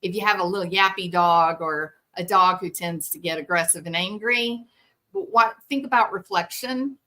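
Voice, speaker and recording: A woman hosting a talk show, explaining things casually and acting out parents and children in quick quoted voices. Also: fairly low pitch, pushed and bright. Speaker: podcast host. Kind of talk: explanatory commentary.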